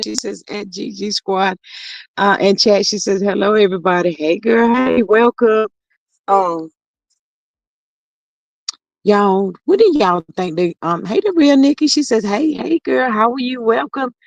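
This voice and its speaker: A woman's voice: mid-range voice, measured pace, creaky, no room sound, highs cut off. A woman hosting a casual livestream, reading viewer comments aloud and greeting people by name in a drawling, chatty way. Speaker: livestream host.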